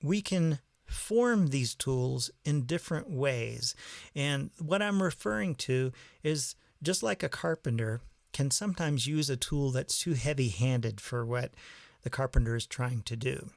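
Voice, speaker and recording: A man's voice: mid-range voice, expressive, measured pace, gravelly, dry recording, clean studio sound. A man explaining songwriting in a patient, methodical way, using everyday analogies in a video lesson. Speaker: songwriting teacher.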